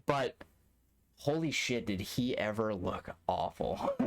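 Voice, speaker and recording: A man's voice: mid-range voice, wildly swooping pitch, takes it slowly, gravelly, music in the background. Profane, rambling young man streaming a game. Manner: rambling, profane, laid-back. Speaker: speedrun streamer. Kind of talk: casual storytelling while gaming live.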